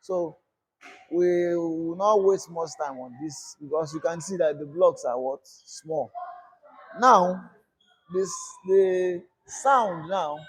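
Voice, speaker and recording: A Nigerian coding instructor teaches a screen-recorded lesson in a fairly high, husky voice at a slow pace. His teaching is repetitive call-and-response: he often asks "what?" and then answers his own question.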